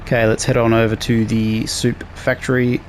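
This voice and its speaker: A man hosting a casual let's play, relaxed and talking through each task as he plays. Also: mid-range voice, moderate pace, a little hiss or hum. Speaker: gaming channel host.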